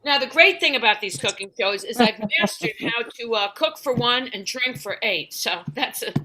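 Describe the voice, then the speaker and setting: A woman's voice: on the high side, lively intonation, moderate pace, pushed and bright. A middle-aged woman performing a stand-up comedy set, wry and self-deprecating, slipping into quoted voices.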